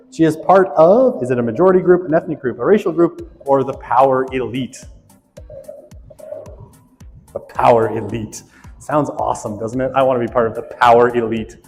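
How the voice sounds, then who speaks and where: A man's voice: medium pitch, darkish tone. A man leads a class through a quiz, reading each question and its options aloud. He talks in a casual, joking way. His voice carries a long echo, with faint music underneath. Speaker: instructor. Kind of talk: lecture quiz review.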